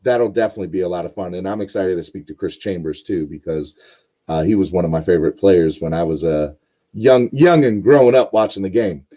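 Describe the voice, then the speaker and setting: A man's voice: sits low, brisk, mellow. A young man hosting a casual sports podcast, rambling with lots of ums and uhs. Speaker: podcast host.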